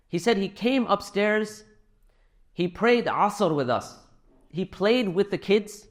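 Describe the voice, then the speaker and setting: A man's voice: high-pitched, animated, moderate pace, fairly bright tone. A middle-aged man speaking to a live audience in a hall, telling anecdotes and making a donation appeal in a conversational way. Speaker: speaker at a fundraising talk.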